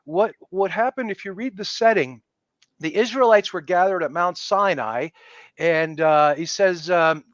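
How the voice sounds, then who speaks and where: High-voiced, emphatic man on a dull line. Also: a little slow, dry recording. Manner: emphatic, animated storyteller who acts out quoted people. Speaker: podcast guest. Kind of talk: casual conversational interview.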